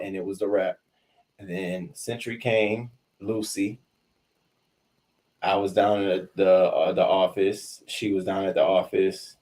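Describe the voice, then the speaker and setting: A young adult man telling a school story in an animated, profane way, acting out the voices of the people in it. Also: low voice, unhurried. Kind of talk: confessional storytelling.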